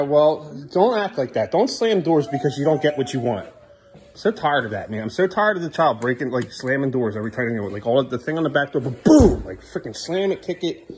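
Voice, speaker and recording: Frustrated dad scolding his kid, lively pitch swings, background noise clearly audible. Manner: exasperated, scolding, loud and sharp at times. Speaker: father. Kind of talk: family home vlog.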